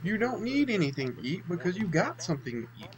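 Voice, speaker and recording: A man's voice: high-pitched, big pitch swings, fast talker, crowd noise, poor audio. A young man chatting casually as he plays through a horror game, self-deprecating and chatty. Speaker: let's play host. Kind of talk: casual gameplay commentary.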